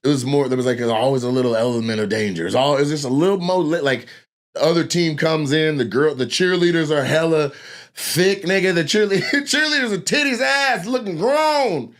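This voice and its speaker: A man with a slightly high voice talks through a casual chat. He swears freely and tells stories with energy, slipping into the voices of people he is quoting. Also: a little fast. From Lacey, Washington. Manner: animated, profane, acts out quoted voices. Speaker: comedian guest.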